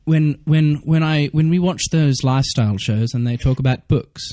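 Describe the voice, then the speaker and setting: A man's voice: on the high side, moderate pace, dark tone, dry recording. Joking, blunt man hosting. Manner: joking, blunt, swears freely. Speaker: podcast host. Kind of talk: casual interview chat.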